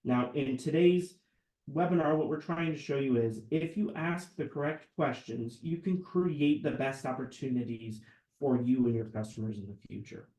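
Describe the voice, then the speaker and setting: A man with a mellow, mid-range voice speaks at a moderate pace while co-hosting a sales webinar from an office room. As sales lead, he earnestly and enthusiastically shares customer stories in casual chat, over a reverberant, rough recording.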